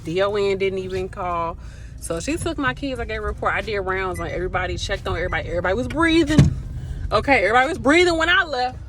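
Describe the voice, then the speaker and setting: A woman's voice: medium pitch, fast talker. A young woman nurse talking casually and exasperated to her viewers, addressing them as a group and swearing freely. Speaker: agency nurse vlogger. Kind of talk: casual vlog rant to viewers.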